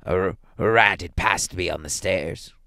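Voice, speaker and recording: A man's voice: sits low, normal speed, dry recording, studio quality. A man doing a trembling old man. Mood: fearful. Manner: shaky, hushed, fearful.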